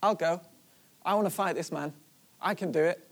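A preacher voicing an eager, bold young shepherd boy who keeps asking excited questions. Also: mid-range voice, normal speed, natural voice.

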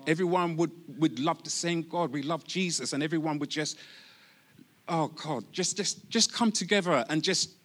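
A man giving an informal testimony at church, halting with many restarts and laughing easily. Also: fairly high pitch, fairly bright tone.

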